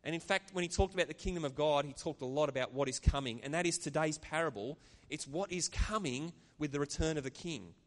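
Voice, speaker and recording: A man's voice: a little high, fairly quick, few pauses, fairly bright tone, big-room sound. A man preaching a sermon as pastor, earnest and conversational, with chatty asides to the congregation. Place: church.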